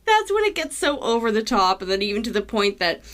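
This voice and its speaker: A woman with a fairly high voice co-hosts a casual film podcast. Her pitch moves a lot as she talks, lively and quick to laugh. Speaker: podcast co-host. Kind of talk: casual film-review chat.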